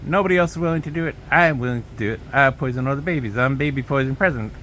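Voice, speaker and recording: A man's voice: medium pitch, lively intonation, brisk, fairly bright tone, a little hiss or hum, natural voice. A man doing a bragging old politician impression. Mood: boastful. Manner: superlative bragging, mocking. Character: boastful older male politician, bragging and repetitive.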